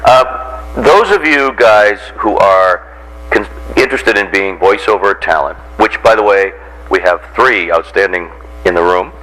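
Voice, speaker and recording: A man's voice: fairly low pitch, measured pace, fairly bright tone, poor audio. An older man, a radio host giving a chatty, self-correcting talk to a classroom of students.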